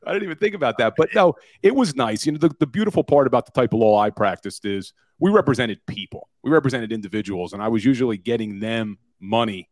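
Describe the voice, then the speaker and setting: A man's voice: mid-range voice, animated, quick pace, hardly any pauses, a little mellow, no echo. A forty-year-old man talks sports on a radio show. He tells stories with energy and a bit of self-deprecation. The studio mic is close and dry, with no room sound. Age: 40s. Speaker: guest, podcaster and former lawyer. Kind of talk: casual sports radio interview.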